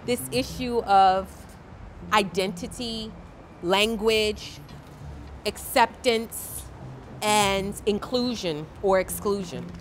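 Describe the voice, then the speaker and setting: A woman's voice: mid-range voice, slight background noise. Woman speaking openly and reflectively. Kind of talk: casual interview talk.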